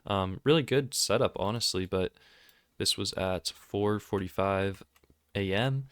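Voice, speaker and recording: A man giving casual commentary over his trading screen, excitable and quick to mock himself. His voice is smooth and somewhat low, recorded on a close mic with a dry, deadened sound. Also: no echo. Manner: excitable, sarcastic and self-mocking. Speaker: trading video host.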